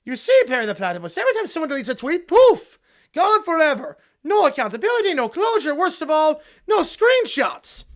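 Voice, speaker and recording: A man voicing a petty, ranting evil scientist in a loud theatrical cartoon monologue. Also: very high-pitched, wildly swooping pitch, fairly quick, voice pushed up, heavily acted.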